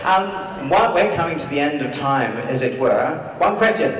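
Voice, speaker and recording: A man's voice: on the high side, lively intonation, moderate pace, a bit bright. A man answering audience questions at a live panel, theatrical and teasing, in a large convention hall. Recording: echoey hall, distant mic, faint noise.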